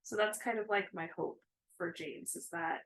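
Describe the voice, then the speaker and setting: A woman's voice: mid-range voice, moderate pace, a bit bright, poor audio. A woman in her thirties, co-hosting a casual chat about cross-stitching, rambling with many fillers.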